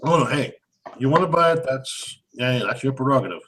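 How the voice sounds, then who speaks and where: A man's voice: medium pitch, animated, a little fast, a bit bright, husky, poor audio. A man co-hosting a casual movie review, amused and rambling, often restarting his sentences. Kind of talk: casual chat.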